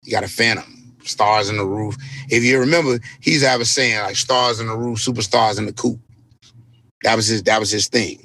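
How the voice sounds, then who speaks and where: Low gravelly man telling a story. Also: brisk. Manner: animated, profanity-laced storytelling. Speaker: guest DJ. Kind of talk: casual storytelling interview.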